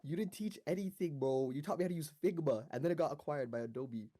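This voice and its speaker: A man's voice: a little high, fast talker, dark tone. A young man co-hosting a podcast, teasing and joking in casual banter. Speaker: co-host.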